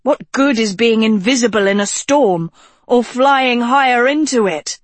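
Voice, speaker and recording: A woman acts out a stubborn teenage girl fighting a storm at the wheel, her voice raised and growling. Dry and close, a touch higher than the narration. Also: unhurried, no echo. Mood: urgent. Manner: raised, growling and shouting over wind.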